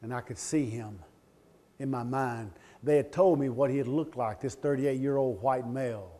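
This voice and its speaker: A middle-aged man giving a speech to a live audience, telling a personal story with passion, swinging between loud pleading and quiet, emotional confession. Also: medium pitch, normal speed. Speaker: motivational speaker.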